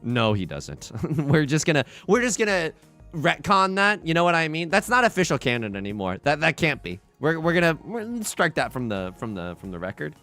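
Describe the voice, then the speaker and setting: A man streaming a mahjong game, chatting in a rambling, excitable way and shouting when the game turns. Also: on the high side, moderate pace, faint music behind. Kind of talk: livestream commentary over a mahjong game.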